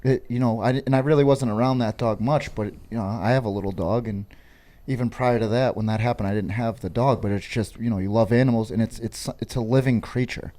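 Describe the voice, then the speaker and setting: A man's voice: mid-range voice, steady tone, quick pace, dark tone. A man co-hosting a podcast, chiming in sympathetically in casual chat.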